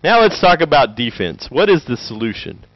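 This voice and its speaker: Joking his way through a lively conference talk, a man from Tennessee keeps switching into quick impersonations, so his pitch bounces all over. The recording sounds dull and lo-fi, and the room is dry without echo.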